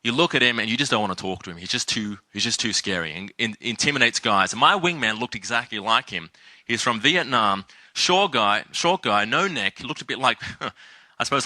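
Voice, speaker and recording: Bright-voiced man telling a story. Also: lowish voice, no room sound. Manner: animated storyteller acting out quotes. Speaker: seminar speaker. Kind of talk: storytelling talk to a seminar audience.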